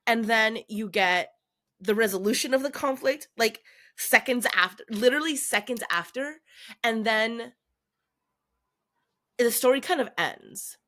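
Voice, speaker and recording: A woman co-hosting a book podcast, talking through a story in relaxed, casual conversation. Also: on the high side, measured pace, pauses often. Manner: relaxed, conversational, frequent agreeing murmurs. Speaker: podcast co-host.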